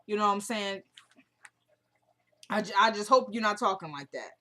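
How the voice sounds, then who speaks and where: A woman's voice: medium pitch, animated, moderate pace, bright, forceful tone. A woman recapping a TV episode in casual chat, emphatic and repeating herself as she retells scenes.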